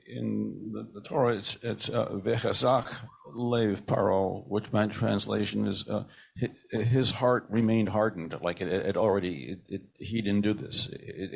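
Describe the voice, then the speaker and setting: A man in a study class asking a question about a translation, halting and repeating words as he goes. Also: lowish voice, fairly even intonation, vocal fry, slightly rough. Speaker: class participant.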